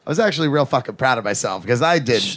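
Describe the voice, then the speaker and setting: A man's voice: medium pitch, animated, fast, fairly bright tone, dry recording. A man appearing as a comedian guest on a podcast, telling self-mocking stories in casual chat. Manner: playful, self-mocking storyteller.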